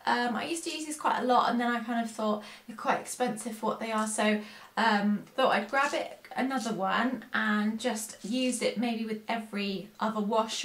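Chatty woman vlogger in an echoey room. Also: on the high side. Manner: chatty, rambling and self-mocking. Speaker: haul vlogger. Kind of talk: casual chat to camera.

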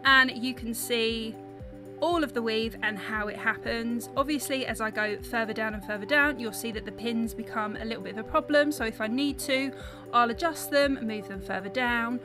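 Over background music, a young South East London woman talks through an embroidery tutorial one step at a time in voice-over narration. She speaks at a normal speed in a slightly high voice, sounding chatty and a bit apologetic.

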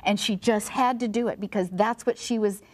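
Expressive woman telling Bible stories. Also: mid-range voice, moderate pace. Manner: expressive storyteller, drops to a soft hush for emphasis. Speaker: devotional and health segment host. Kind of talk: devotional Bible talk.

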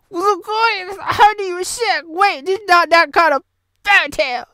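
A high-voiced woman rambles through a chaotic comedy review vlog, giggling, repeating herself and slipping into silly voices. Her tone is bright and edgy. The sound is dry and close to the mic. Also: normal speed, dry recording. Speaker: vlogger reviewing a film.

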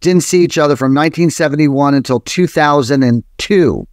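A man's voice: fairly high pitch, moderate pace, darkish tone, no room sound. Rambling man in his sixties telling stories. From New Jersey. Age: 60s. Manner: rambling, frequent fillers and restarts, profane. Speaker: podcast guest, photographer. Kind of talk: casual interview storytelling.

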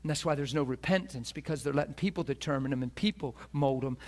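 A man's voice: mid-range voice, quick pace, few pauses. A middle-aged man preaching a sermon as a pastor, telling a personal story earnestly and acting out the voices of the people in it.

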